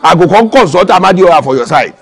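A man with a Nigerian Pidgin accent playing a lovesick, hot-tempered male house servant who trades loud insults and turns soft and tender. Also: high voice, expressive, fast. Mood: insulting. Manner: loud trash-talking, then soft and tender. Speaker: actor in a Nollywood film.

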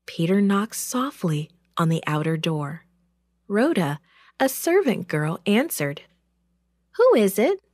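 A woman tells a children's Bible story at an unhurried pace, her pitch rising and falling with expression. The recording is close and dry. Her reading is deliberate and clear. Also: big pitch swings, dry recording. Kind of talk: storybook narration.

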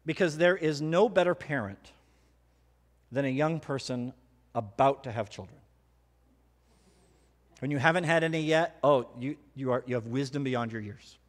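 A middle-aged man preaching a sermon, telling personal stories with animated, self-mocking humor. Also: medium pitch, normal speed, long pauses. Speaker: pastor. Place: church hall. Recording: hall reverb.

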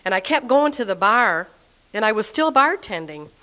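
A woman giving a personal faith testimony in a lively, chatty storytelling way, acting out her own past words. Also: mid-range voice, moderate pace.

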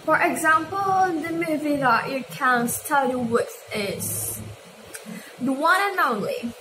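A woman's voice: high-pitched, animated, slow pace, bright, forceful tone, a little hiss or hum. A teenage girl with a non-native English accent aiming for British, chatty and giggly as she teaches pronunciation in a casual video lesson. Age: teens. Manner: giggly, chatty, reads word lists aloud. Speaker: student making a lesson video. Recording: echoey room with faint ambience.

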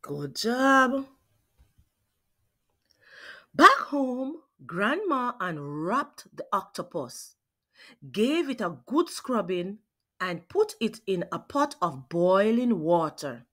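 A woman reading a picture book aloud to children, asking her young listeners questions as she goes. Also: medium pitch. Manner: slow, expressive, asks questions of listeners. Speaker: children's read-aloud host.

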